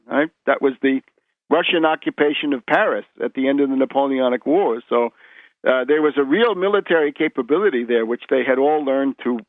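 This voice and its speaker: A man's voice: on the high side, dry recording. A man as a radio interview guest, explaining history in a lecturing way, often restarting words and tagging points with "right?". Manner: lecturing, with frequent word restarts and tag "right?". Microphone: phone. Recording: tinny phone line.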